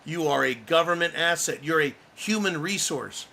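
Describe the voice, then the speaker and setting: A man's voice: on the high side, animated, normal speed, creaky, sharp tone, slight background noise. Fired-up blunt man ranting. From United States. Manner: angry, blunt, swears freely. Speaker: livestream host. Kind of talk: heated political commentary.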